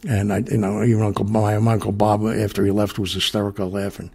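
Older guy hosting a podcast, raspy and gravelly, rambling along with lots of uh and you know. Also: on the low side, level tone, fast talker, darkish tone. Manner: rambling, full of fillers and asides. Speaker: podcast host. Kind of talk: casual storytelling monologue.

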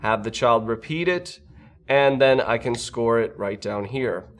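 Steady instructional man demoing an app. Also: medium pitch, unhurried. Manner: steady instructional explaining, step by step. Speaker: speech-language pathologist. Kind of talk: scripted product demo walkthrough.

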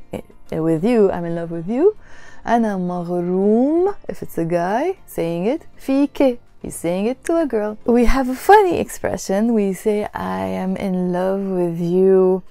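A woman's voice: medium pitch, creaky, warm tone, no room sound. A woman giving a spoken language lesson, patiently repeating phrases and explaining grammar step by step. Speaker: language teacher.

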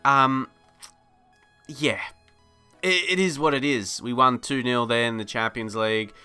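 A man talks through a football video game in loose, rambling commentary. His voice is very bright and sharp, and he laughs easily and lifts with excitement at a good move. Faint music plays underneath. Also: medium pitch, unhurried, clear, resonant tone. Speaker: gaming video host. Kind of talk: casual gameplay commentary.

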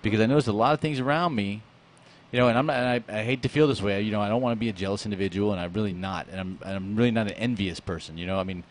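Man, talk show host, fast-paced, jokey, casual studio chat. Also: on the low side. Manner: joking, fast-talking, laughs easily. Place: radio studio.

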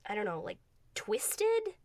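A woman's voice: medium pitch, huge pitch swings, slow pace, a little mellow, dry recording. A woman co-hosting a podcast in casual chat, talking loosely with many filler words. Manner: chatty, lots of "like" fillers. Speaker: podcast co-host.

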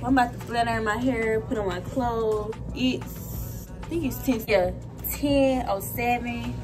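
A young woman vlogging in casual chat, talking fast and repeating herself as she gets excited. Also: on the high side, music in the background. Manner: chatty, repeats phrases, excitable. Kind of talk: casual selfie vlog chat.

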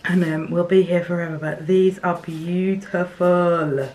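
A young woman from England unboxing gifts in her home craft studio, chatty and excitable, with fillers and little laughs. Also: fairly low pitch, measured pace. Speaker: craft vlogger. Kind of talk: casual unboxing chat to camera.

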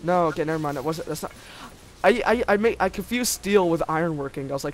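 A man's voice: on the high side, animated, quick pace, slight background noise, rough recording. A young man co-playing a multiplayer strategy game, laid-back in casual banter. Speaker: co-player.

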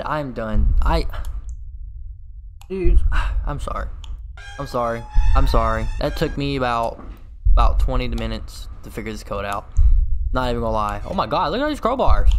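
A man giving horror game commentary, swearing constantly and yelling when he gets startled. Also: medium pitch, expressive, normal speed, long pauses, soft background music. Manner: swears constantly, jumpy and loud when scared. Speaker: gaming video host.

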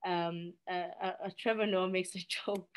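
A South African woman, a podcast guest and nonprofit director, talking in a lively, expressive way with laughs and restarts. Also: on the low side, moderate pace, clean tone. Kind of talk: casual interview chat.

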